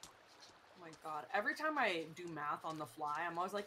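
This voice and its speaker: Woman, lowish voice, relaxed gameplay chat, jokey, faint hiss. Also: moderate pace. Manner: relaxed, jokey, says "like" a lot. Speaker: co-streamer.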